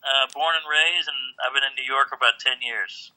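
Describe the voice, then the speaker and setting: A man's voice: mid-range voice, a little fast, pushed and bright, poor audio. A man from New Orleans, a comedian guest joking dryly through a phone interview. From New Orleans, Louisiana. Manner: dry, joking delivery. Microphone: phone call.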